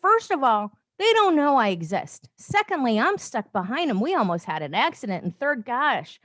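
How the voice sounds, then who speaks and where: A woman hosting a casual livestream from her phone, chatty and rambling, with animated asides and frequent laughs. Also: fairly high pitch, moderate pace, few pauses, dry recording, studio quality. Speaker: life coach livestream host. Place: home, with noise outside.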